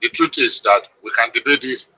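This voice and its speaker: A man's voice: mid-range voice, normal speed, bright, forceful tone, dry recording, rough recording. A man on a debate panel, firm and emphatic, dismissing the other view.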